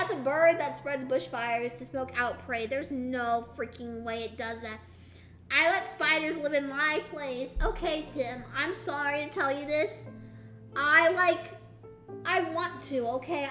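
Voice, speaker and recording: Excitable young woman streamer, high and bright, roomy echo. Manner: excitable, exaggerated disbelief. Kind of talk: casual live-stream chat.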